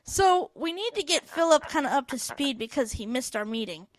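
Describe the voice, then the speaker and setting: A woman's voice: high-pitched, expressive, moderate pace, no echo. A woman hosting a casual group chat on a video call, bossy and teasing with her co-hosts. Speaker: podcast host.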